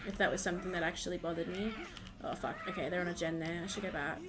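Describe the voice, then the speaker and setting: A woman's voice: lowish voice, quick pace, background noise. A woman streaming a game, chatting casually and bubbly with her viewers. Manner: bubbly, thanks viewers, gasps and squeals. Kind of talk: casual livestream chat while gaming.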